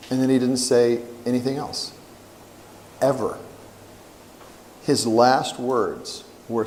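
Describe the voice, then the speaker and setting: A middle-aged man giving a storytelling sermon as a camp worship speaker, animated and acting out the quotes. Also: medium pitch, slow pace, long pauses, slight background noise. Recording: long hall reverb.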